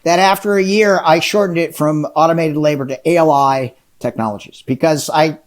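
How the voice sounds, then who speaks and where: A man's voice: on the high side, a little fast. A middle-aged man, an entrepreneur and interview guest, telling his story with lots of energy and enthusiasm in a casual chat. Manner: energetic, enthusiastic, acts out dialogue.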